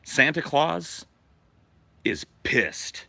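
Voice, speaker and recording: A podcast host telling a profane, animated story from his childhood in casual talk. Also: fairly high pitch, very slow, creaky, dry recording.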